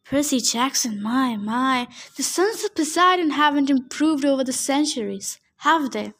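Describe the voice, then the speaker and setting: Lady reading as a mocking old ghost king, slow and sneery, high voice. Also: animated, a bit bright, full character voice. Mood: sneering. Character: scornful ghostly king, male, old, malicious. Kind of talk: audiobook character reading.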